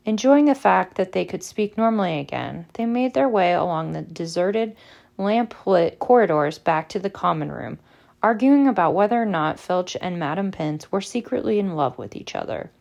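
A woman reading a novel aloud as narrator, measured and expressive. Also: fairly low pitch, vocal fry. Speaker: audiobook reader. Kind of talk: storybook narration.

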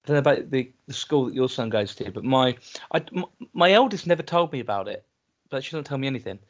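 A man's voice: mid-range voice, animated, quick pace, dull audio. A man teasingly chatty. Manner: teasing, chatty, recounts kids' sayings. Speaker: podcast co-host. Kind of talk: casual chat.

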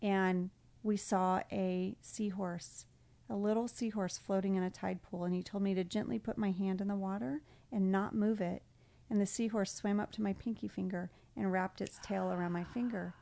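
Woman, middle-aged, gravelly, mid-pitched, reflective, tender, podcast guest. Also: steady tone, moderate pace, warm tone. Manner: reflective, tender, often emotional, laughs easily. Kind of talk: casual heartfelt conversation.

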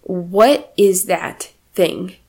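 A woman preaching a sermon in a lively way, with frequent laughs, acting out the quoted lines. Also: lowish voice, very slow.

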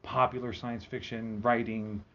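A man's voice: medium pitch, flat delivery, a little slow, a bit bright, lo-fi sound. A man in casual chat, retelling a book's story in a rambling, profane way full of fillers. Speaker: podcast host.

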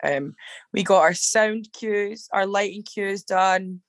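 A woman's voice: mid-range voice, slow, dry recording. A young woman co-hosting a podcast in casual, upbeat chat. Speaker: podcast co-host.

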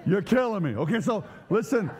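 A man's voice: high-pitched, big pitch swings, fairly quick, a little mellow. A man preaching a humorous sermon to a live congregation, joking energetically and bantering with the crowd. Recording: long hall reverb.

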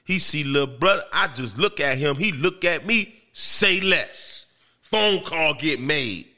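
A man, a podcast host, telling a story in casual chat in an animated, profane and emphatic way. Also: a little high, measured pace. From Miami, Florida.

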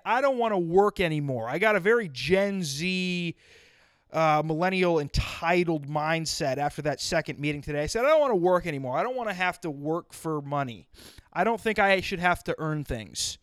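A man's voice: sits high, lively intonation, moderate pace, a bit bright, clear, resonant tone, no echo, clean studio sound. A man ranting solo on a podcast, exasperated and profane, swerving into sarcastic tangents. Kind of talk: solo comedic rant.

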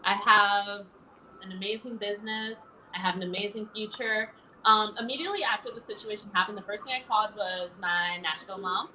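Bright-voiced woman, animated and laughing. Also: medium pitch, fairly quick, a little hiss or hum, poor audio. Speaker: interview guest, former pageant titleholder. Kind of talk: casual interview chat.

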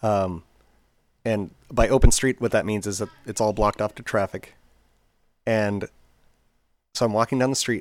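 A man's voice: lowish voice, no echo. A man telling rambling, casual stories on a podcast. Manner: rambling, chatty, many fillers. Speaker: podcast co-host. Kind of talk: casual storytelling chat.

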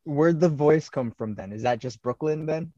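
A Canadian man hosting a podcast, asking rambling questions in a relaxed, chuckling way. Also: fairly high pitch, moderate pace, dry recording. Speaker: podcast host. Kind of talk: casual interview chat. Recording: dull, lo-fi and dry sound.

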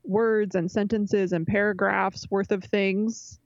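A woman's voice: medium pitch, flat delivery, slow, no echo. Chatty woman co-host, dry, muffled mic. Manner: chatty, opinionated, laughs often. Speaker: podcast co-host. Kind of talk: casual chat.

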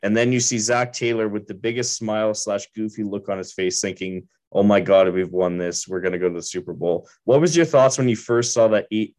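Low-voiced joking podcast host. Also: male voice, darkish tone. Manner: joking, crude, rambling questions. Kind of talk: casual podcast banter.

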